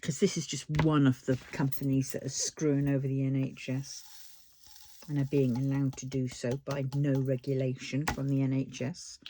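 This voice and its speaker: Working on a diamond painting, this British vlogger talks casually and rants heatedly, swearing a lot, with lively pitch swings as she gets riled. She speaks at a moderate pace over slight background noise.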